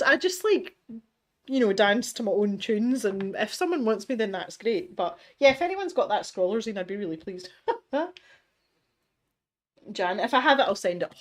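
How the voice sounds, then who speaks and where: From her home studio in Scotland, a middle-aged woman runs an art livestream, chatting casually through viewer comments. She pokes fun at herself, laughs a lot and keeps restarting sentences, her voice pitched on the high side.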